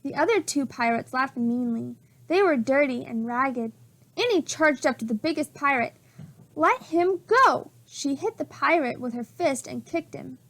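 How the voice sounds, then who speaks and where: Slow, high-voiced woman reading to preschoolers. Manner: slow, expressive, sing-song reading. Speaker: preschool teacher. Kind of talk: reading a picture book and chapter book aloud to children.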